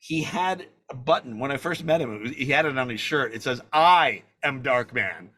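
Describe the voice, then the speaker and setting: Bright, animated storytelling director. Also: male voice, mid-range voice, brisk. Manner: lively, acts out quotes, swears casually. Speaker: guest, film director.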